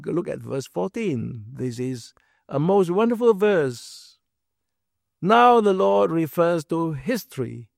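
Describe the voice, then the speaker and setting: Male preacher, unhurried and animated, teaches scripture with emphatic rhetorical questions, dry close sound. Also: sits high, vocal fry, no room sound. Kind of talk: sermon, Bible exposition.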